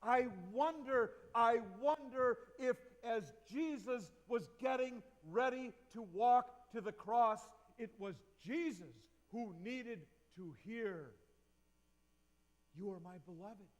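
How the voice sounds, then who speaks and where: High-pitched guy preaching slow in a church, lots of hall echo, keeps asking the room stuff. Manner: reflective, asks the congregation questions. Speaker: pastor. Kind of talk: sermon. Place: church sanctuary. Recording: long reverb of a church hall.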